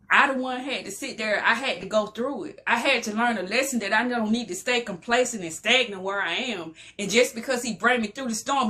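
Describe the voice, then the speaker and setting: A middle-aged woman pours out a personal story of hardship in a motivational talk. Her voice is bright and forceful and sits a touch high. She builds her lines like a preacher, repeating phrases as she goes.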